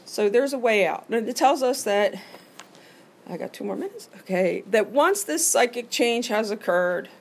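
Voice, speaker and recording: A woman's voice: on the high side, animated, moderate pace, vocal fry. A middle-aged woman speaking at a recovery meeting, telling her own story in a candid, earnest way and acting out her inner voice. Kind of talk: personal recovery share.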